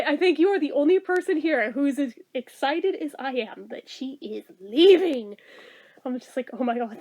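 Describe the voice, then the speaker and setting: A young woman vlogging a story in casual chat, excited and swearing freely as she quotes herself and her coworker. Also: high voice.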